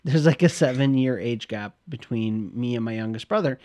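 A man's voice: medium pitch, normal speed, mellow. A man from the Midwest co-hosting a podcast, rambling casually with lots of fillers and laughs. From Midwest US, Milwaukee. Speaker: podcast co-host.

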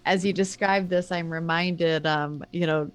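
A woman's voice: lowish voice, steady tone, unhurried, clean tone. A woman in casual conversation, offering short affirmations and thoughtful follow-ups. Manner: brief affirming responses, thoughtful. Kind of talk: casual chat.

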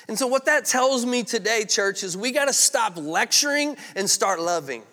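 A man's voice: high-pitched, expressive, moderate pace, hardly any pauses, pushed and bright, in a large hall. A male pastor preaching a sermon in a candid, conversational storytelling way.

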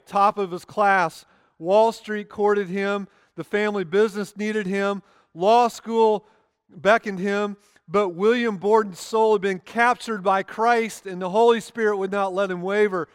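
A man pastor preaching a sermon in a church, earnest, with slow emphatic pauses on key words. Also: high voice, clean tone, dry recording, clean studio sound, in a large hall. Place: church sanctuary.

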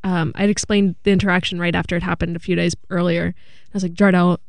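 A woman's voice: on the low side, fast talker, vocal fry, no room sound. Young woman telling a story in close, dry sound. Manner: animated storytelling, acting out quotes. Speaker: podcast co-host. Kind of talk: casual chat.

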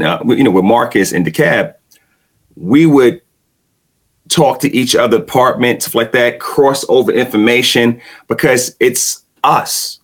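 A laid-back middle-aged man in casual conversation, often repeating himself and agreeing with "right.". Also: fairly low pitch.

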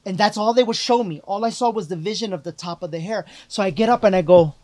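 A man's voice: high-pitched, fast, a little mellow, dry recording. Earnest man telling a personal story. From Latino background. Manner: earnest, emphatic, with many repeated fillers. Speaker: guest, life coach. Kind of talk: personal storytelling in a podcast conversation.

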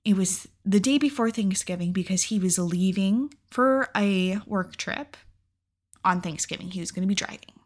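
A young adult woman vlogger telling a personal story in a casual, candid way, swearing freely and filling her talk with "like.". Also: medium pitch. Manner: candid and profane, with frequent "like" and laughs.

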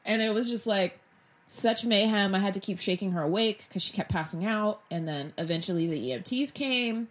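A woman's voice: mid-range voice, normal speed. A young adult woman telling a dramatic personal story as a casual vlog, acting out the quotes as she goes. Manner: animated, dramatic retelling with acted-out quotes. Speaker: vlogger.

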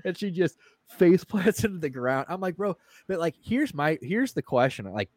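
Rambling and swearing as he tells a story on a casual podcast he co-hosts, this man performs the voices of the people involved. His animated voice sits on the high side, a little mellow, at a moderate pace, in a dry, studio-quality recording.

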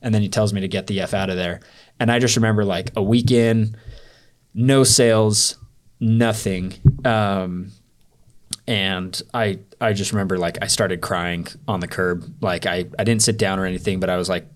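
A man's voice: deep voice, fairly even intonation, normal speed. A man as a podcast guest, telling a candid story in a rambling way full of fillers. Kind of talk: storytelling in a casual interview.

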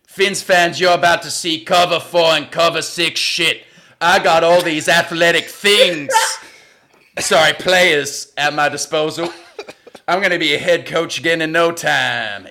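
A man's voice: a little high, pushed and bright. A man putting on the voice of a swaggering, crude older male football coach, in a shifting accent with Italian words. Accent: shifting put-on accent with Italian words.

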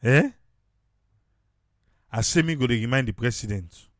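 Man, Sierra Leonean Krio accent, commentary, slow deliberate talk, dry close sound, repeats for emphasis. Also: mid-range voice, no echo. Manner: animated, repeats phrases for emphasis. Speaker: political commentator. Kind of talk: casual commentary to camera.

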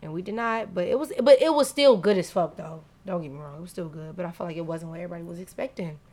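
A woman's voice: fairly low pitch, quick pace, warm tone, slight background noise. A young woman from Chicago co-hosting a casual podcast chat, blunt and profane with lots of laughing banter. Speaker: podcast co-host.

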